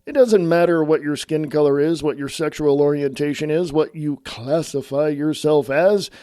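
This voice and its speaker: A man's voice: fairly high pitch, normal speed, dark tone, no echo, studio quality. A middle-aged man from California, giving a blunt, opinionated, casual political rant to the camera and calling his listeners "folks.". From California, USA. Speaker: online commentator.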